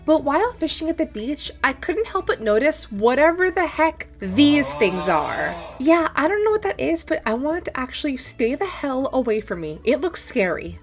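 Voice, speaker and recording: A young woman gaming YouTuber narrating her farming game run, gushing and excitable with frequent gasps. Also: sits high, moderate pace, hardly any pauses, faint music behind. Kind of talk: gameplay commentary and narration.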